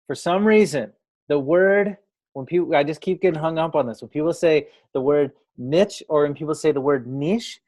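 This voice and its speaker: A man hosting an interview, chatty and affirming, with quick asides. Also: on the high side, darkish tone. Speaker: interview host. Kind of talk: conversational interview.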